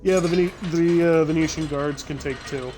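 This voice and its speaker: A man's voice: a little high, steady tone, normal speed, darkish tone. A man streaming a video game, chatting casually with a friend, laughing easily and often breaking off to restart a sentence. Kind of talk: casual gameplay chat. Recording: faint game music behind.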